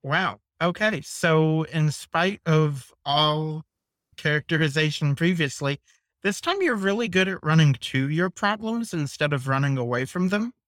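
A man's voice: a little high, animated, a little slow, fairly bright tone, no echo, studio quality. A man running a tabletop game as game master, with casual, profane talk.

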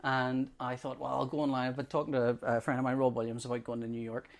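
A woman, co-hosting a casual podcast chat as an animated storyteller who laughs often. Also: very deep voice, quick pace. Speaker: podcast co-host.

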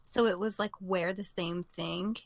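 Brief: woman co-host, slow easy chat, dry close sound. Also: fairly low pitch, fairly even intonation, gravelly, no echo. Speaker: podcast co-host. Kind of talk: casual chat.

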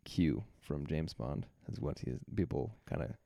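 A man's voice: a bass voice, animated, measured pace, gravelly, warm tone, dry recording, clean studio sound. A man co-hosting a podcast, telling a story in casual chat, rambling with restarts and frequent laughter. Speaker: podcast co-host.

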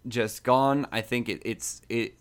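Unhurried male co-host, chatty and hesitant, full of ums, medium voice. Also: medium pitch, steady tone, clear, resonant tone. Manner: halting, lots of ums and laughs. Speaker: podcast co-host. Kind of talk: casual comedy advice chat.

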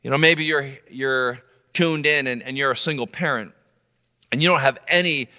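A middle-aged man preaching a sermon, animated, swinging between loud emphasis and soft low asides. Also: normal speed. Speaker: pastor. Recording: long reverb of a large room.

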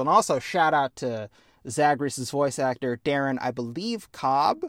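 A man's voice: medium pitch, no room sound, studio quality. A man casually chatting about a video game on a podcast, earnest and heartfelt, with a self-deprecating sense of humor. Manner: earnest, heartfelt, animated storytelling. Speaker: podcast co-host.

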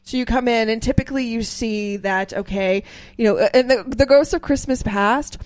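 A woman's voice: a little high, normal speed, dry recording. A woman talking casually, rambling with fillers and restarts. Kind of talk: casual chat.

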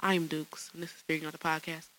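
Alone in a small studio, a female podcast host talks rapid-fire in a low, level, slightly bright voice. She keeps the chat casual and slangy and laughs a lot, though the recording quality is low.

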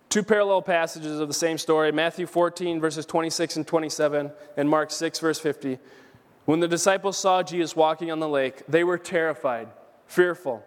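A male pastor delivers a sermon, pressing his points home by repeating them and reading scripture passages aloud. His voice sits high for a man. The recording carries the long reverb of a church sanctuary. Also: steady tone, moderate pace. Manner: preaches with emphatic repetition, quotes scripture aloud.

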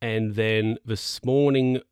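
A man's voice: lowish voice, fairly even intonation, slow, darkish tone, clean tone, dry recording, clean studio sound. A man hosting a solo podcast, telling a story in a rambling, chatty way that keeps correcting itself. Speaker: podcast host.

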